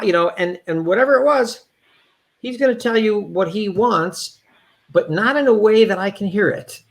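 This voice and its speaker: A man's voice: sits high, moderate pace, gravelly. A man, a yoga therapist, chatting candidly as an interview guest with many restarts. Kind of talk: casual conversational interview.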